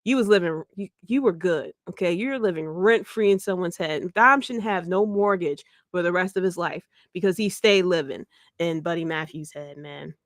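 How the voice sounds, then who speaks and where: A woman hosting a podcast, recapping wrestling in a joking, animated way, laughing often and swearing freely. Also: lowish voice, moderate pace, no echo, clean studio sound. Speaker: podcast host. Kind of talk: casual wrestling recap chat.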